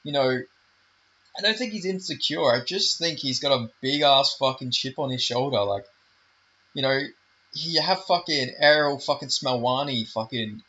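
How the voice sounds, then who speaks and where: A man's voice: medium pitch, normal speed, bright, forceful tone, dull audio. A man giving a heated, profane casual rant about fighters, full of fillers and swearing. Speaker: MMA commentary YouTuber.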